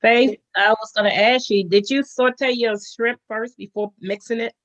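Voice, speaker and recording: A woman's voice: fairly high pitch, fairly even intonation, moderate pace, a bit bright, no room sound, rough recording. A woman chatting casually, asking curious questions in a playful way. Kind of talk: casual chat.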